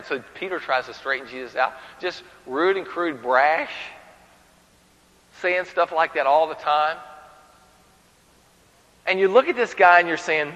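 A man's voice: high-pitched, moderate pace, big-room sound, rough recording. A man preaching a sermon with humor, telling stories and acting out the people in them. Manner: animated, humorous storytelling with acted voices.

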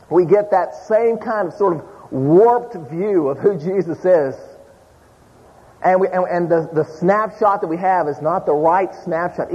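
A man preaching a sermon, telling an animated story to a live congregation in a church. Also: sits high, slightly rough. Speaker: pastor. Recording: muffled audio in a large hall.

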